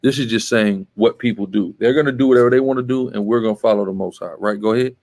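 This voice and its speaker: A man's voice: lowish voice, fast, darkish tone. A man teaching a Bible class, emphatic and scolding, often checking with "right?" and telling the reader to go on. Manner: emphatic, tags statements with "right?".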